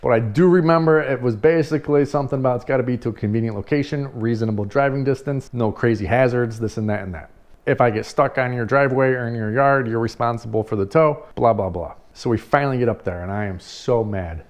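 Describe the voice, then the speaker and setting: Man, party rental owner, casual storytelling, animated, swears a lot, laughs as he talks. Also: mid-range voice, fast. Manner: animated, swears freely, laughs while telling.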